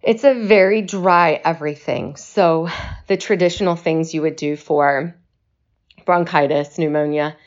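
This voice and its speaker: A woman speaking slowly and reflectively in a personal video message, short of breath and pausing to reassure her listeners. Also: sits low, dull audio. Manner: slow, reflective, reassuring delivery.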